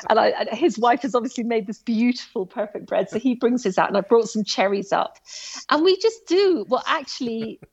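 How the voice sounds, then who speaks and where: A woman telling a story about her hike in a casual, animated way, full of asides and restarts. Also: mid-range voice, vocal fry, husky, lo-fi sound. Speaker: guest recounting a hike.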